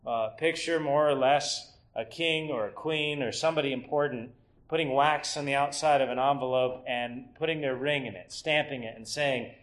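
A middle-aged man preaching an expository sermon, building into emphatic rhetorical questions and then dropping low and quiet to teach. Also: fairly even intonation, normal speed.

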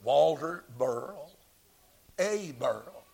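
A solemn, measured recording angel, as a high-voiced preacher puts it on. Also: male voice, expressive, gravelly, darkish tone, husky, heavily acted.

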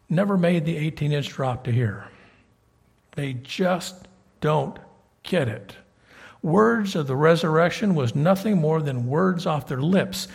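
Man, preacher, sermon, husky, high voice, emphatic. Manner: conversational, emphatic, swings between loud and soft. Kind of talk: sermon with scripture reading.

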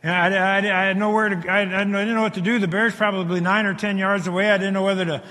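A man telling a dramatic survival story to a live audience, halting and repeating words as he swings between hushed and loud. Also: high voice, level tone. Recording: long hall reverb.

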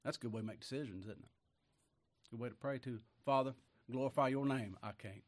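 Scripture comes slowly and heavily from this mid-range male voice during a sermon. He shifts between forceful, loud points and quiet side remarks, chuckling frequently along the way.

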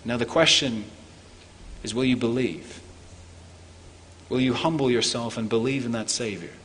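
A man's voice: moderate pace, a little hiss or hum. Earnest male pastor preaching in a reverberant church. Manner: earnest preaching, rising for emphasis, dropping low and soft on key points. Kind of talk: sermon.

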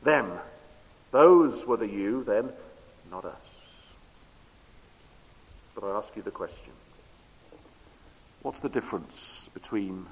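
A man preaching a sermon with emphatic repetition, moving between loud declarations and hushed low tones. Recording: long hall reverb.

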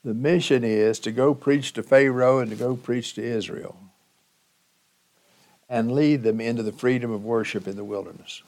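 A man preaching a sermon as pastor, teaching slowly and emphatically with dramatic pauses. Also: medium pitch, fairly even intonation, a little mellow.

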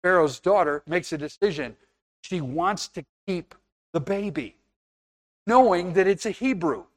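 A man's voice: high-pitched, animated, unhurried. A man preaching a sermon in an earnest, conversational way, now and then acting out little scenes.

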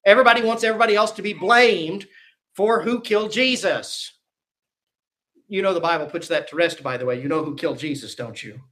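High, bright-voiced preacher acting out scenes. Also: male voice, fairly quick. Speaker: pastor. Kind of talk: sermon. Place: church.

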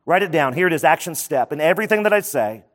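A man's voice: a little high, lively intonation, a bit bright. Preaching man in a reverberant hall. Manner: conversational preaching with quick asides. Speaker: pastor. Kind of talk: sermon.

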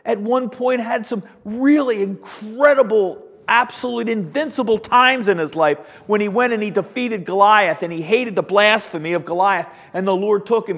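A man leading a Sunday school Bible class, teaching in an animated, preacherly way with the odd chuckle. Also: sits high, moderate pace, few pauses, in a large hall, lo-fi sound. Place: church classroom.

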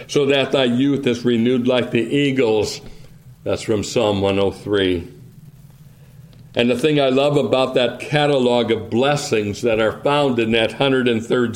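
A man preaches at a very slow, deliberate pace, drawing out each phrase. He reads King James scripture in a measured, reverent cadence. His voice sits at a middling pitch. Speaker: pastor. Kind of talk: sermon.

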